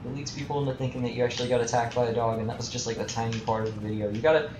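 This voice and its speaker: A man's voice: medium pitch, steady tone, racing, background noise. A man chatting casually while playing a game on a live stream, rambling and self-deprecating as he talks to viewers. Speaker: gaming livestreamer. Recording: roomy echo with game music behind.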